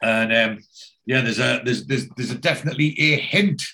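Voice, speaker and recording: A man hosting a casual podcast, retelling a TV episode scene by scene and quoting the characters' lines, with a steady "he says" between quotes. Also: medium pitch, normal speed. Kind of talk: casual chat recapping a TV episode.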